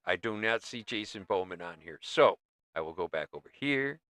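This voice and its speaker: A man's voice: fairly low pitch, big pitch swings, moderate pace, fairly bright tone, dry recording. A man hosting a livestream, chatting casually to his viewers in a loose, rambling way. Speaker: livestream host.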